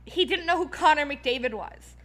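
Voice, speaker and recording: A woman's voice: high voice, animated, normal speed, fairly bright tone. A woman from Philadelphia hosting a casual podcast chat, ranting with heated profanity and many fillers. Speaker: podcast host.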